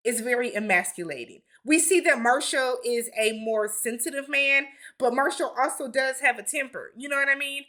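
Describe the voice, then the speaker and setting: A woman hosting a casual reality TV recap, with blunt, animated commentary and slangy asides. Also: high voice, normal speed, hardly any pauses. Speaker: TV recap host.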